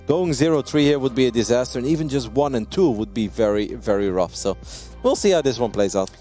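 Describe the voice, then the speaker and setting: Excitable man casting a strategy game. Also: brisk, soft background music. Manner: excitable, laughs often, jumps high in pitch. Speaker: esports caster. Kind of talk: live game commentary.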